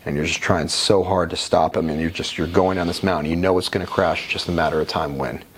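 A man's voice: deep voice, steady tone, fairly quick. A man guest in an interview, telling his own life story in a frank, conversational way with casual swearing. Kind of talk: candid personal storytelling.

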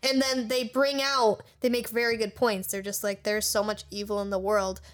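A young woman co-hosting a podcast, casually retelling a show's scenes with quick acted-out quotes and plenty of swearing. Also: mid-range voice, flat delivery. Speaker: podcast co-host. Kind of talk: casual chat recapping an anime.

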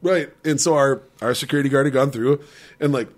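Animated, swearing man telling a story. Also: medium pitch, brisk. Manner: animated, profane, laughing often. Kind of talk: casual storytelling chat.

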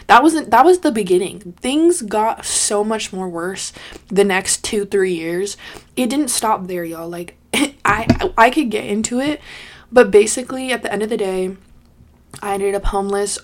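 A woman in her twenties telling a personal story on her vlog, swearing bluntly and filling her talk with "like" and "you know". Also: medium pitch. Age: 20s. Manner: acts out quoted people in lively bursts. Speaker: vlogger.

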